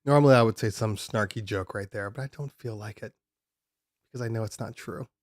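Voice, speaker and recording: A man's voice: lowish voice, a little fast, dry recording, studio quality. A man hosting a DJ live stream, answering viewer questions in a loose, rambling way with many ums and restarts. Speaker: DJ podcast host. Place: home studio room.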